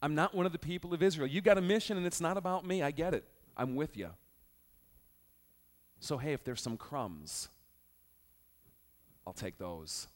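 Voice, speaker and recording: A male preacher voicing an ancient woman who humbly agrees and pleads, in a lower voice. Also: lively intonation, slow, long reverb tail. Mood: humble.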